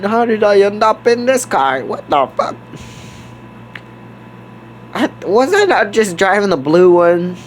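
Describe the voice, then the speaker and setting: A rowdy man role-playing a character in a game, swearing through excited outbursts. His talk runs slow and drawn out, with a faint hiss of noise behind him. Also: high voice.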